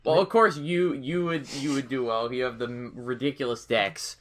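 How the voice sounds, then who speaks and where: A man's voice: medium pitch, moderate pace, few pauses, a bit bright. A man joking wryly as a player in a tabletop game. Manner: wry, joking. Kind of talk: casual tabletop game banter.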